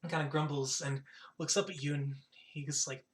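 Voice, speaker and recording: A man narrates a tabletop game as game master, in a voice a little higher than usual. He rambles loosely and leans on lots of fillers as he describes the scene. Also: fairly even intonation, normal speed.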